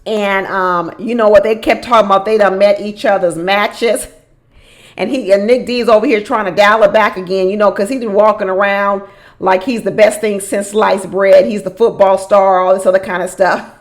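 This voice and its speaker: A woman giving a casual recap of a reality show. She is animated, often repeats phrases for emphasis, laughs often and talks straight to the people on the show. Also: medium pitch, normal speed. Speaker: reality show commentator and relationship coach.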